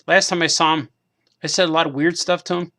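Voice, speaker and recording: His voice is a little high, steady and quick, with a pushed, bright quality. The cartoonist wanders through a casual monologue while painting figures on his craft stream, saying things twice and laughing at himself.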